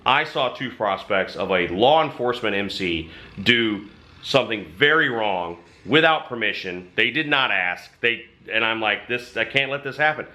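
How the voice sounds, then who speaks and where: Man, biker storyteller, casual and emphatic, bright forceful voice. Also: fairly low pitch, a little slow. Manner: animated, emphatic, with mild swearing. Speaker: motorcycle club member and channel host.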